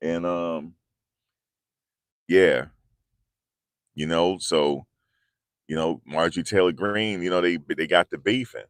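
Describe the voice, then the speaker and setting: A man's voice: deep voice, steady tone, slow, pauses often, smooth, no echo, clean studio sound. A man hosting a casual commentary video, talking in a loose, slangy, repetitive way. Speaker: commentary channel host.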